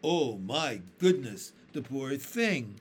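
Casting: gentle fussing storybook ladybug, played by a man, warm lilting pitch. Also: expressive, takes it slowly, slight background noise. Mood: kindly. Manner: kind, reassuring.

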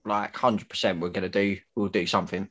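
A man's voice: low-pitched, level tone, fairly quick, a bit bright. A man, a podcast guest, talking bluntly and emphatically in casual chat.

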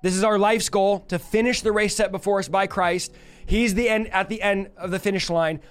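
Earnest, smooth-voiced male Bible teacher. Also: high voice, fairly even intonation, normal speed. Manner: earnest, reads scripture aloud, grows emotional.

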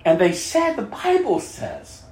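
An impassioned woman preacher whose pitch swings widely as she drives each point home. She repeats her phrases for emphasis and slips into the voices of the people she quotes. Her voice rings out in an echoey church room. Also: wildly swooping pitch, measured pace, darkish tone. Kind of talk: sermon.

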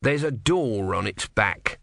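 A man voicing a grumpy, sly little male tortoise who claims to be a god. He speaks slowly, with doubtful, querulous questions. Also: lowish voice, lively intonation, vocal fry, a bit bright, no room sound, studio quality, full character voice.

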